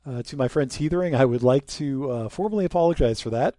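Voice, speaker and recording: Animated joking young man. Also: mid-range voice, fairly quick, dry recording, clean studio sound. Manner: joking, sarcastic, drops to a mutter while sneaking. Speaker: gameplay commentator. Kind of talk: casual let's-play commentary.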